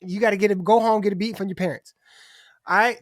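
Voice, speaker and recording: A man's voice: high-pitched, steady tone, fast, dry recording, studio quality. A middle-aged man talking candidly as a podcast guest, restarting his sentences and swearing casually. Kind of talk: casual conversation.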